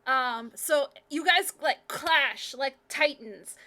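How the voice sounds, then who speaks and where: A woman running a live tabletop game as game master, telling the action in an excitable, laughing way. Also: high voice, slow.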